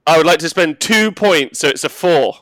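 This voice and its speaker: Bright, dry-sounding young player. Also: male voice, a little high, lively intonation, normal speed, no echo, rough recording. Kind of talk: casual chat.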